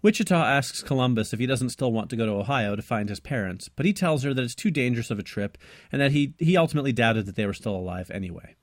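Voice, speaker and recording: A man's voice: medium pitch, animated, quick pace, dry recording. Enthusiastic man recapping a movie, dry sound. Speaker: podcast co-host. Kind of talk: casual movie podcast chat and recap.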